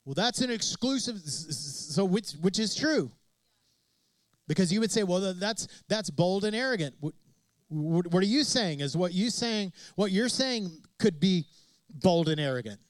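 A male pastor preaches with a high, ringing voice, driving his points home through repetition and rhetorical questions. The sound is dry and close, with almost no room echo. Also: lively intonation, unhurried. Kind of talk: sermon.

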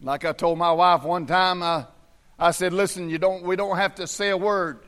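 A man preaching a sermon in church, swinging from hushed, low tones to shouted fervor. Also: fairly even intonation, normal speed.

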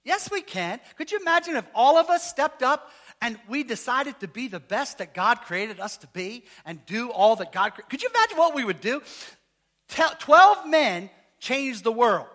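A man's voice: extremely high pitch, very animated, moderate pace, fairly bright tone. A man preaching a sermon in church, joking and firing questions at the congregation. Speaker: pastor.

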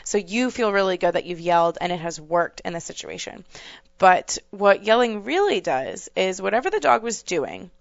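A woman co-hosting a podcast as a dog trainer, explaining things in a steady, explanatory manner. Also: medium pitch, moderate pace, creaky, dry recording, muffled recording. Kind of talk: advice podcast chat.

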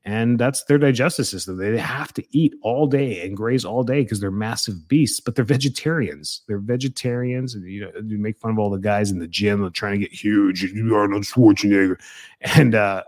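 A middle-aged man giving casual health advice, blunt and animated, mimicking people's excuses and jumping up in pitch when he scolds.

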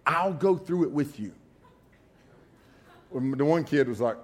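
High-voiced preacher telling stories. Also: male voice, slow pace. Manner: animated storyteller, laughs often, folksy asides. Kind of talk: sermon with humorous personal stories.

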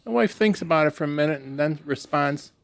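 A man reeling off jokes in a deadpan way during a casual chat. His voice sits a little high. The sound is close and dry. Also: brisk, vocal fry, no room sound. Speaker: joke teller on a podcast.

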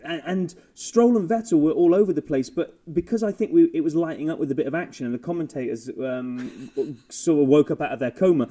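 Connecticut guy, warm mellow voice, lively storyteller doing little impressions. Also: fairly high pitch, brisk, hardly any pauses. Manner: animated storyteller, mimics others, laughs often. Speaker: podcast co-host. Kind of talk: casual race recap chat.

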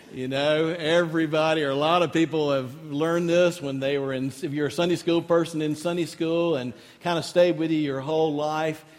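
A man preaching a sermon as pastor, conversational and rising into emphatic lists. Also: on the high side. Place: church sanctuary. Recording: long reverb of a large hall.

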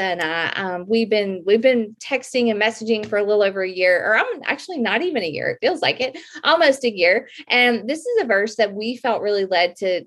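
A woman in her thirties talks about faith in a casual, earnest way. Her voice sits at a middle pitch. She sounds heartfelt and chatty, with fillers and restarts. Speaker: mother sharing scripture with her children. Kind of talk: casual Christian faith talk.

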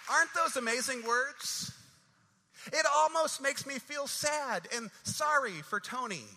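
A man's voice: very high voice, lively intonation, unhurried, bright, forceful tone. A man preaching a sermon, building dramatic rhythmic refrains that swell and fall. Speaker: pastor. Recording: long reverb of a large hall.

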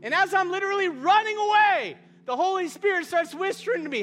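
A man preaching a sermon, impassioned and often shouting, mixing in humor and personal stories. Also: extremely high pitch, expressive, brisk.

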